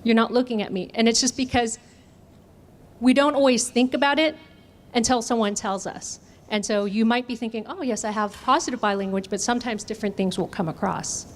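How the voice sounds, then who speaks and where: In a conference room, a female trainer runs an interactive workshop, engagingly asking the audience questions and answering them. Her voice is fairly high and brisk, and there's a little hiss or hum.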